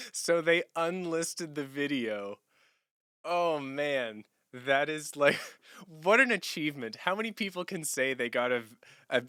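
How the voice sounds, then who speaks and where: A young man chatting casually on a livestream, answering viewer questions in a relaxed, rambling way and laughing often. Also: medium pitch, clean tone, no room sound, studio quality. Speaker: streamer.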